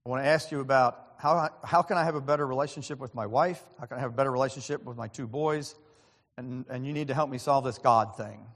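A man preaching in a church, telling a story with earnest feeling and acting out the other people's lines. His voice sits at an ordinary male pitch. It rings with the long reverb of a large hall. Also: fast, fairly bright tone. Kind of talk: sermon with personal story.

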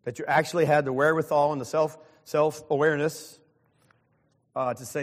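A man's voice: a little high, fairly even intonation, brisk, in a large hall. A pastor in his sixties preaching a sermon, earnest and openly self-deprecating. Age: 60s.

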